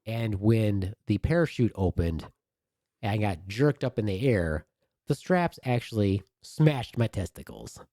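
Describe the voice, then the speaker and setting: Low, mellow-voiced man telling a story. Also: measured pace, no room sound, studio quality. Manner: animated, crude humor. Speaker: podcast co-host. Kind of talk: casual storytelling.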